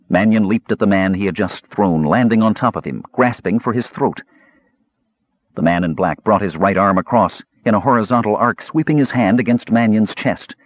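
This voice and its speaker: A low-voiced man reads a fantasy novel aloud with dramatic, animated pitch. His voice is somewhat husky, and the recording is dry and a little dull. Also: no room sound. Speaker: audiobook narrator. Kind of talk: scripted narration.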